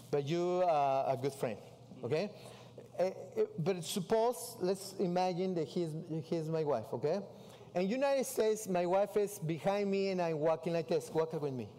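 A man, a missionary preaching a sermon with animated stories in English. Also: fairly high pitch. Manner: animated storytelling with non-native English. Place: church sanctuary. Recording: far-off voice in a reverberant hall.

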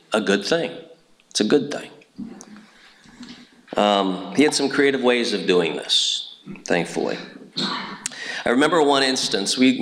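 A man's voice: on the low side, fairly bright tone, poor audio. A middle-aged man from Indiana giving a personal testimony talk at church, telling stories earnestly with frequent fillers and restarts. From Indiana, USA.

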